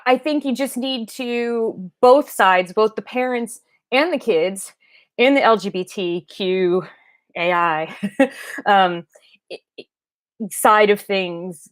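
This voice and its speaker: Halting, rambling middle-aged woman on a livestream. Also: mid-range voice. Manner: rambling, halting, with many fillers and restarts. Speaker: doll vlogger and parent. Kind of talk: casual livestream chat. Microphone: livestream webcam mic.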